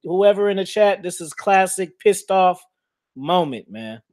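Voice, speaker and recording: Frustrated, drawn-out man hosting a livestream. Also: high-pitched, expressive, a little mellow. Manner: swearing, frustrated, exclamatory. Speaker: host. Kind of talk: casual livestream chat.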